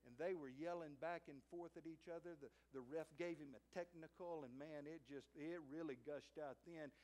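Folksy Southern pastor preaching a sermon. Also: male voice, fairly high pitch, moderate pace, a little mellow. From United States. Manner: folksy storytelling, repeats words when starting sentences. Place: church sanctuary.

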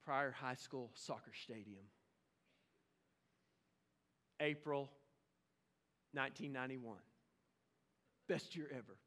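A man, preaching a lively sermon with exclamations and playful asides. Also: medium pitch, measured pace. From Oklahoma. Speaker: pastor.

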